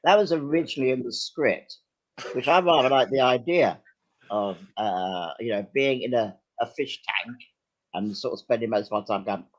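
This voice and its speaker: An older man, a guest actor and writer, telling lively, self-deprecating anecdotes with some hesitation in casual chat. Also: medium pitch, normal speed, lo-fi sound.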